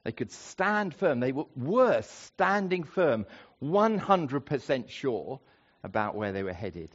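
Animated man preaching a sermon. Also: medium pitch. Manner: expressive, rising for emphasis and slowing on key phrases. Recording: dull lo-fi recording.

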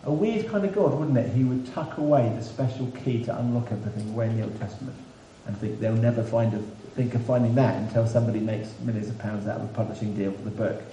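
Male preacher, chatty sermon delivery with wry humour, mellow tone, roomy echo from a distant mic. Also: medium pitch, fast, few pauses. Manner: conversational, self-deprecating humour. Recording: echoey room, mic at a distance, faint background hiss.

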